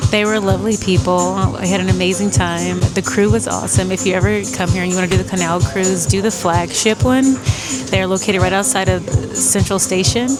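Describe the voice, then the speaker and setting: A woman's voice: medium pitch, fairly even intonation, fairly quick. A young woman from the United States, chatting casually and bubbly as a travel vlogger, laughing often. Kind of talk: casual vlog chat. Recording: music playing behind.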